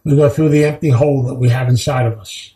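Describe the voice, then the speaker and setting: A man's voice: mid-range voice, steady tone, fast, dark tone, echoey room, poor audio. A man giving a heartfelt recovery talk, telling stories earnestly and repeating key phrases for weight. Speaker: recovery speaker.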